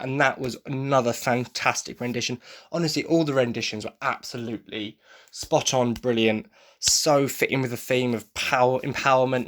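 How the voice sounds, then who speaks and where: A man's voice: medium pitch, a bit bright. A tired man with an English accent, gushing in a rambling, enthusiastic way as he hosts a casual solo podcast review. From England. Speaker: podcast host.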